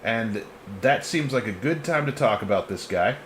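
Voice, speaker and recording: A man's voice: medium pitch, expressive, normal speed, a bit bright, slight background noise. A man hosting a live history podcast in a casual, joking way, often laughing between points. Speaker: podcast host presenting the topic.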